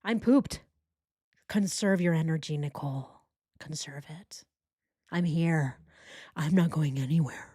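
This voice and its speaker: A woman's voice: low-pitched, a little slow, pauses often, warm tone, husky, no echo, clean studio sound, voice pushed down. A woman voicing a dopey, worn-out gym-bro man in a mocking, drawling way. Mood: pooped, smug.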